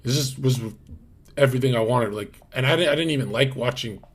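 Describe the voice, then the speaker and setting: A man's voice: mid-range voice, fairly quick, husky. A young man hosting a livestream, talking in a rambling, slangy way with lots of fillers and restarts. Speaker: livestream host. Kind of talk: casual livestream chat.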